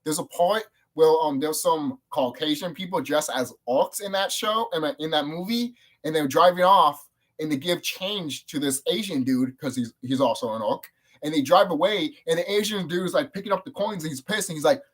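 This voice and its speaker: Man, higher voice, loose profane monologue, excitable. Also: moderate pace. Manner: rambling, profane, excitable, with sudden jumps up in pitch. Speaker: video creator. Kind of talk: casual monologue.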